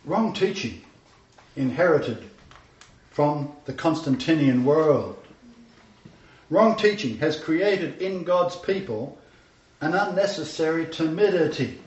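A man preaching a sermon, emphatic and repeating his scripture references as he speaks. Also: a little high. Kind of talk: sermon with congregation interjections. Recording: echoey room, dull sound from far off.

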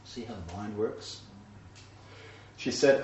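A man preaches a sermon to a small congregation, speaking emphatically and building to a raised voice when he quotes scripture and God. His voice is mid-range at a moderate pace, and the recording is dull and distant, with roomy echo and a little hiss or hum.

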